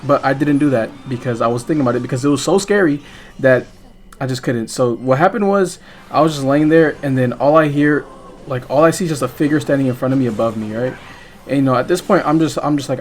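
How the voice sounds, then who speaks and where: A man's voice: mid-range voice, fast talker, slight background noise. A young man telling a story casually while playing a game, rambling and swearing, full of fillers and restarts. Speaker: gaming vlogger.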